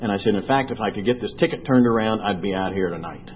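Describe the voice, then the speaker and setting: Man giving an earnest recovery talk. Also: on the low side. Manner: earnest storytelling, slow and heavy at emotional points. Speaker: recovery speaker. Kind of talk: personal testimony talk. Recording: dull lo-fi recording with faint noise.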